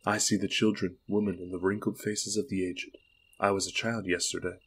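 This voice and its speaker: Resolute young queen, read by a man, low husky voice, solemn measured speech, audiobook. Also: level tone.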